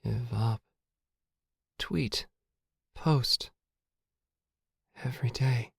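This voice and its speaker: Man doing a creepy listless cave dweller, breathy faint whisper, higher than his own voice, slow broken phrases, dry close sound. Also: expressive, warm tone, dry recording. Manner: slow, halting, childlike fragments. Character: strange listless young man hiding in dark cave.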